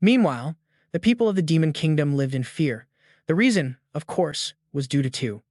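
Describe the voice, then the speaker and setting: A man reads a fantasy comic recap in an even, scripted storytelling manner. His voice sits a little high for a man. The sound is dry and close, with no room around it. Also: moderate pace, dry recording. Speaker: recap narrator. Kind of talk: scripted narration.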